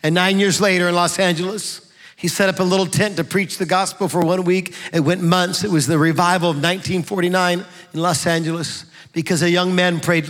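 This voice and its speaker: A middle-aged man preaching a fervent sermon in a church, building to shouts. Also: high-pitched, steady tone, brisk. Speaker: pastor. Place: church sanctuary. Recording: long reverb of a large hall.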